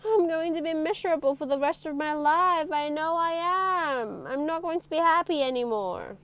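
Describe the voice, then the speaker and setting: A woman's voice: high-pitched, normal speed, fairly bright tone, pitched above the performer's own voice. Woman doing a mournful little girl character. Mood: miserable. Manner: mournful, sighing. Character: sad little girl who lost her giggle.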